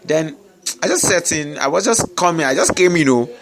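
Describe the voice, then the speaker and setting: A man's voice: on the high side, expressive, moderate pace, crowd noise. A man teaching public speaking in a webinar, repeating his key points and checking in with his listeners often. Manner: emphatic, repeats key phrases, frequent "I get me?" check-ins. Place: noisy surroundings with distractions.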